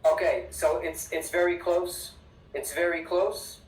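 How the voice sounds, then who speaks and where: An English teacher giving an online class, upbeat and emphatic, repeating words slowly for the students. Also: mid-range voice, fairly even intonation. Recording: echoey room, distant mic.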